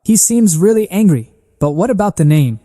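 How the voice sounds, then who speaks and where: A man voicing an earnest young girl who was once a spy, in a plain even reading. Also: sits high, normal speed, in a large hall, pitched above the performer's own voice.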